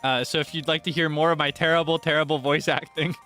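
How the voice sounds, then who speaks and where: Young male streamer, playful and teasing, slightly high voice, soft game music underneath. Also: quick pace. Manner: playful and excitable, with sudden high squeals and teasing. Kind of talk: casual game livestream chat. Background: faint game music.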